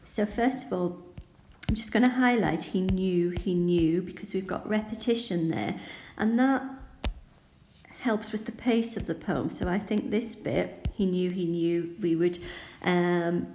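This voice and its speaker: Slow, mellow-voiced woman teaching a poem. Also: lowish voice, echoey room, slight background noise, rough recording. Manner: calm, explanatory, reads verse aloud. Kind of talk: poetry annotation lesson.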